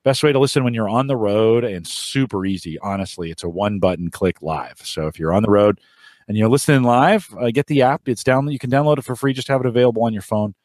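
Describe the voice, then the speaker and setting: Chatty low-voiced male podcast host. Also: fast talker, a little mellow, dry recording, clean studio sound. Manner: rambling, friendly, many fillers. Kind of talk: casual chat.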